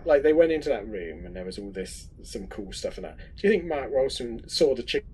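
A podcast co-host who rambles and cracks jokes in casual chat. His voice sits at a middle pitch. A faint hiss runs underneath. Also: big pitch swings, brisk, a little mellow, rough recording. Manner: jokey, rambling, playful asides.

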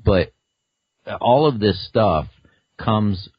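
A man guesting on a casual podcast, enthusiastic and rambling, quick to laugh. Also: fairly low pitch, animated, slightly rough, dry recording, muffled recording.

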